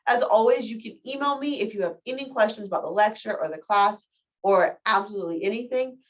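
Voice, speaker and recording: A woman's voice: medium pitch, brisk. A woman in her thirties giving a recorded biology lecture in a casual, candid, self-deprecating way. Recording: distant, dull lo-fi mic.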